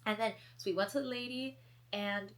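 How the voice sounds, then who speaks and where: A woman's voice: mid-range voice, normal speed. A young woman hosting a podcast alone, talking casually and chattily with many fillers. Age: young adult. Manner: chatty, filler-heavy, animated storytelling. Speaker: podcast host. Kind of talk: casual solo chat.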